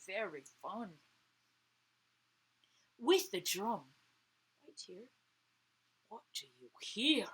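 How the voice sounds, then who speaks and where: A woman reading a story aloud to children, animated, often dropping to a whisper to ask the listener questions. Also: mid-range voice, slightly rough, low-quality recording.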